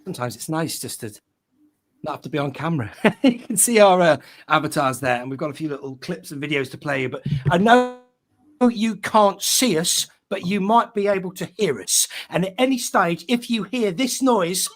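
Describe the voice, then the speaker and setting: A man's voice: high voice, lively intonation, moderate pace. A man hosting a live online fan show, chatting casually and reading out viewer names. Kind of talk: casual live-stream chat.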